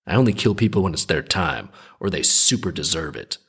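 A man's voice: sits low, animated, a little fast, a bit bright, husky, heavily acted. Man doing a laid-back, offhand Death. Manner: casual, offhand, shrugging. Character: laid-back odd Death in human guise, male.

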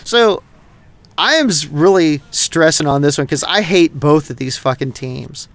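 A man's voice: fairly high pitch, measured pace, no room sound. A middle-aged man from North Texas, a podcast co-host rambling in casual, profane chat. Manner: rambling, heavy swearing, animated.

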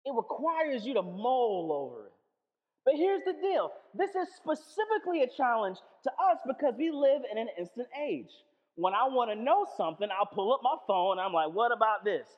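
A pastor preaching a sermon, animated, acting out little back-and-forth dialogues and often restarting phrases. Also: mid-range voice, moderate pace. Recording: echoey hall, dull lo-fi sound.

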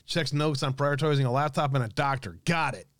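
A man hosting a livestream, chatting casually and reading comments from his viewers. He swears freely and jokes between remarks. The sound is dry and close, in a mid-pitched voice. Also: fairly quick, fairly bright tone, no echo. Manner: profane, jokey, reads chat comments aloud. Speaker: livestream host reading chat.

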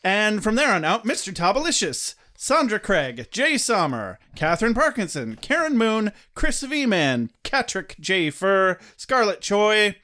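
A man's voice: high-pitched, unhurried, hardly any pauses. A man co-hosting a podcast, joking and swearing playfully while reading supporter names and recapping an episode. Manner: playful, profane and animated. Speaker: podcast co-host. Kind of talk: casual comedic chat and episode recap.

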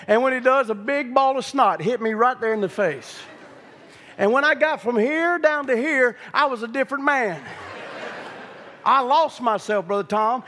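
A male preacher, telling a folksy story in his sermon that builds into shouted preaching. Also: very high voice. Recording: long reverb of a large hall.

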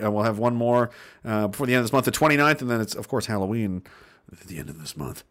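A man's voice: mid-range voice, sing-song, brisk, fairly bright tone. A man in his thirties hosting a stream, reading chat messages aloud and ranting with a lot of profanity. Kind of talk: casual livestream rant.

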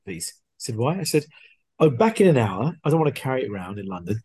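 A man, a podcast guest, casually telling a story and acting out the dialogue in an animated way. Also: mid-range voice, quick pace, slightly rough, no room sound. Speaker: guest watch collector.

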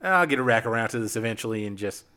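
A man's voice: fairly low pitch, animated, fast talker, pushed and bright. A man chatting casually on a podcast, playful and laughing often as he tells stories. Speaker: podcast guest. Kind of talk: casual chat.

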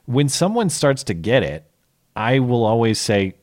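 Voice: mid-range voice, sing-song, a little slow, a little mellow. Wry, sarcastic co-host. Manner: wry and sarcastic, mocks ad reads. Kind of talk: casual live call-in chat.

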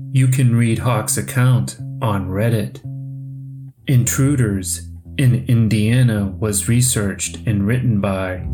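A man narrating a story podcast in a slow, measured scripted reading. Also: lowish voice.

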